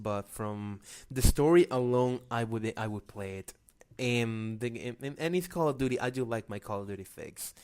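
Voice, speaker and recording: A man's voice: medium pitch, clean tone. A man co-hosting a casual gaming podcast, often stumbling and restarting his sentences. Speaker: podcast co-host.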